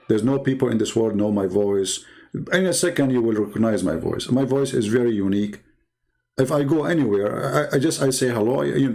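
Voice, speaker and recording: Man, mid-pitched, gravelly, earnest interview talk, emphatic non-native phrasing. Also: mellow. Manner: acts out quoted people with big pitch jumps. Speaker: Christian public speaker.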